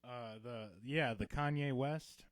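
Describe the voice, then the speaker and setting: A man co-hosting a comedy podcast, telling a story in casual chat, swearing freely and dropping to low mumbles. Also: slow, background noise. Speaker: podcast co-host.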